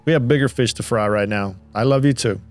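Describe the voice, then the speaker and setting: A man's voice: medium pitch, quick pace, soft background music, lightly acted. A man voicing a worried young husband, earnest and pleading. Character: worried young husband grieving his dog.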